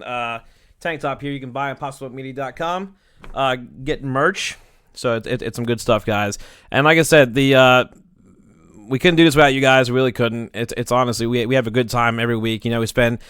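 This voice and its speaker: A man's voice: mid-range voice, a bit bright, clean tone, no room sound, studio quality. A man rambling crudely through closing thoughts on a casual podcast, swearing and laughing as he goes. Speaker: podcast producer.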